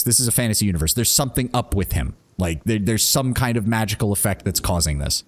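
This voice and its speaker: Low-voiced man streaming a game. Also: expressive, a little fast, hardly any pauses. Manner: laughing, rambling, and reading text aloud. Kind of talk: casual gameplay commentary and reading game text.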